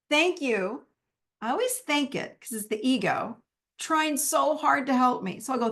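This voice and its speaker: A woman's voice: high-pitched, expressive, normal speed. Woman teaching a live self-help masterclass. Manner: warm, conversational, acts out her own inner dialogue.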